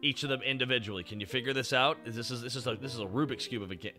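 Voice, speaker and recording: A man streaming, chatting with his chat in an animated way, swearing and laughing often. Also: mid-range voice, racing, soft background music. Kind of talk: casual chat.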